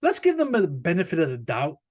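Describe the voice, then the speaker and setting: A man hosting a podcast, talking in a rambling, profane, joking monologue that jumps up high when he plays indignant. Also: huge pitch swings, a little fast, a little mellow. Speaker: podcast host. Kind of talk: casual comic podcast monologue.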